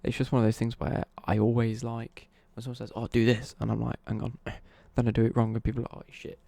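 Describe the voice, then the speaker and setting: A young man talks through a live stream at home, rambling and self-correcting as he answers viewers. His voice is mellow, dark and edged with gravel. The sound is dry and close. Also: medium pitch, flat delivery, fast talker, no room sound. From East Midlands, England.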